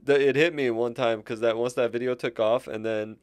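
A man with a smooth, resonant voice co-hosts a casual podcast and tells stories about customers, laughing often. The sound is dry and close to the mic. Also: mid-range voice, fairly even intonation, a little fast, no room sound. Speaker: podcast co-host. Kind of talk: casual chat.

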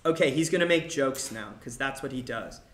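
A man's voice: medium pitch, fairly quick, roomy sound. A man teaching a class about a play, explaining lines and acting out quotes with energy. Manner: animated, acts out quoted lines.

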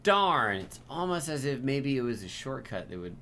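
A man's voice: medium pitch, sing-song, moderate pace, pushed and bright, a little hiss or hum. Dry teasing man on a stream. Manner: dry teasing, reads out chat. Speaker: co-host. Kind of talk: casual stream banter.

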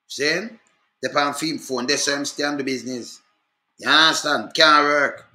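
This Jamaican man's voice is fairly high, bright, and forceful, with lively intonation and a slightly slow delivery, recorded with a roomy sound. Vlogging on the spot, he presses his points repetitively and keeps addressing the viewer to confirm they're following.

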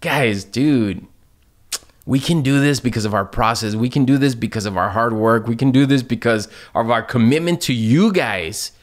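A man's voice: medium pitch, normal speed. A man answering viewer questions in a casual, laid-back chat, often saying "man" and "dude" and laughing a lot.

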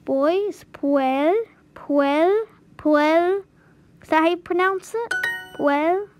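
A woman's voice: extremely high pitch, extremely slow, a little hiss or hum. A woman vlogging as she works through a language lesson, puzzled and giggly, sounding out new words to herself. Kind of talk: casual commentary while doing a language lesson.

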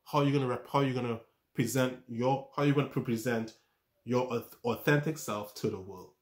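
Man, motivational self-help talk, mid-pitched voice, repeats himself, rhetorical questions, trips over words. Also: brisk. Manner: repetitive, coaching, asks rhetorical questions; stumbles and restarts words. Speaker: self-improvement speaker.

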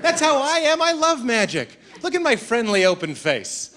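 A male stand-up comedian performing a routine on stage, animated and mocking as he acts out characters. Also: very high voice, moderate pace. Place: comedy stage before an audience. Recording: live stage set with loud crowd laughter.

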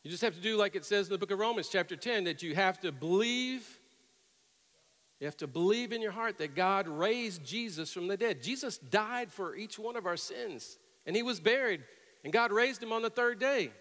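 A middle-aged male pastor preaching a sermon, telling stories and rising to loud, emphatic peaks. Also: high voice, expressive, moderate pace. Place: church sanctuary with long reverb. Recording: reverberant church hall.

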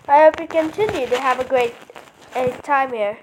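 A woman's voice: sits high, moderate pace, noisy background, natural voice. A woman voicing a cheerful woman professor, reading game text aloud playfully. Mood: chatty.

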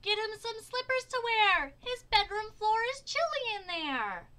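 Eager little children calling out ideas, as a woman reading aloud puts them on. The voice goes very high and bright. It is loud and lively. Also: moderate pace, full character voice.

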